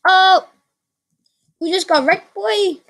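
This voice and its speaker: A woman hosting her own gaming channel, giving excitable let's play commentary, repeating phrases and letting out sudden yelps. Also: very high voice, slow pace.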